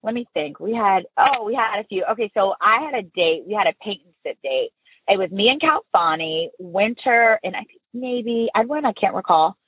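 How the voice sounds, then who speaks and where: Lively woman telling stories over a call. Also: mid-range voice, normal speed, breathy edge, no echo. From Houston, Texas. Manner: animated storyteller, laughs often. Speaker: podcast guest. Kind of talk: casual interview chat. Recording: phone-like remote call audio.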